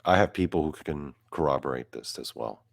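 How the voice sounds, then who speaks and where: A man's voice: extremely low pitch, lively intonation, brisk, creaky, no echo, studio quality. A young man from South Korea doing a profane, mock-boastful stand-up rant, quoting his friends in asides. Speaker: comedian.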